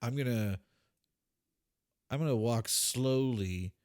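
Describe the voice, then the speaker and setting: A man's voice: mid-range voice, slow pace, darkish tone, no room sound, studio quality. A man casually playing a character in a tabletop game, easygoing and chatty. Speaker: player.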